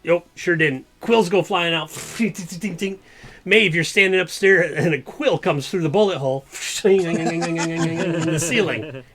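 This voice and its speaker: A man's voice: on the high side, unhurried, fairly bright tone. A man running a tabletop game as game master, narrating the action in a chatty way with frequent laughs. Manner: chatty, laughing often, lots of filler.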